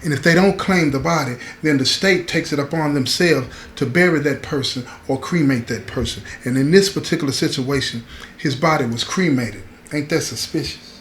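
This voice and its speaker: A man narrating a true story to his viewers with slow, dramatic pauses, often calling out to them directly. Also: on the high side, a bit bright. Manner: slow, dramatic pauses, addresses listeners as y'all. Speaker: storyteller host. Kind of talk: storytelling to an online audience. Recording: echoey room with faint ambient noise.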